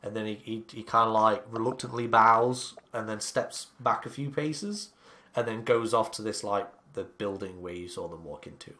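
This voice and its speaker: A man narrating as game master of a tabletop game, in a loose, unhurried way with many fillers. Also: on the low side, sharp tone.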